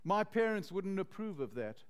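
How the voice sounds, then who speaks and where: A man voicing an earnest teenage girl who is gently firm with her friends, inside a sermon story. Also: high voice, big pitch swings, normal speed, smooth.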